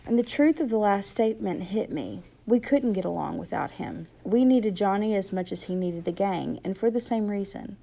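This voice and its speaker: A woman reading a novel aloud to a class in steady first-person narration, then pausing hesitantly to comment on it. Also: medium pitch, gravelly.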